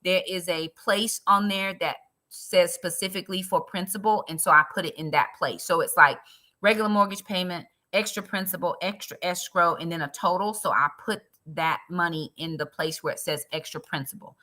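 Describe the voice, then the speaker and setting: Woman live-streamer, lowish voice with a sharp, bright edge, earnest and personal with her viewers. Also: moderate pace. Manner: earnest, talks straight to viewers; emotional about her faith. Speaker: budgeting live-streamer and ministry leader.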